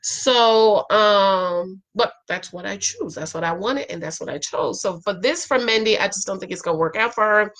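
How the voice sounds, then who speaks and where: A middle-aged woman chatting casually as she recaps a reality show, animated and acting out what others say. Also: medium pitch, moderate pace, hardly any pauses.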